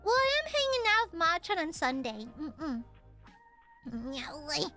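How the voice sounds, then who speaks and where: A young woman hosts a casual live stream from home. Her voice sits very high and sounds bright. She talks in an unhurried, playful way over faint background music. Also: very animated. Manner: playful, teasing, affectionate. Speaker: VTuber streamer.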